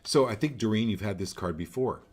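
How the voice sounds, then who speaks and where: A man's voice: on the low side, animated, a little fast, darkish tone, soft background music. A man hosting a live card-reading show, speaking directly and coaching each viewer, often repeating phrases for emphasis.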